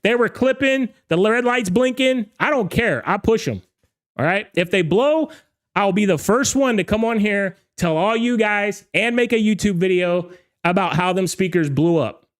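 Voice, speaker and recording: High-voiced ranting DJ host, a little hoarse. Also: male voice, lively intonation, moderate pace. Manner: emphatic, ranting, repeats "okay?" and "all right?". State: slightly hoarse from talking all night. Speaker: DJ show host. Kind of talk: casual livestream rant.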